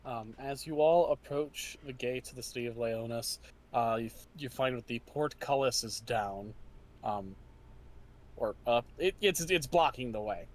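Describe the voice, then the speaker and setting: A man narrating as game master of a tabletop game, halting with many restarts and laughing often. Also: medium pitch.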